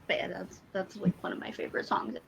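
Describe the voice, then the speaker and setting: A woman co-hosting a podcast in casual chat, telling fan stories in an excitable, giggly way. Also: fast talker, slight background noise. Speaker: podcast co-host.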